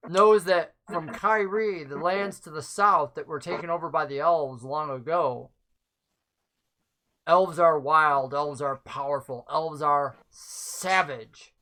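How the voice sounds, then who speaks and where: A game master narrating a tabletop game in a relaxed way, with frequent filler words. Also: medium pitch, slow.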